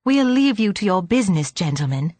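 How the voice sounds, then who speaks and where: A woman reading an audiobook, voicing a calm, polite young woman. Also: mid-range voice, fairly quick, no room sound.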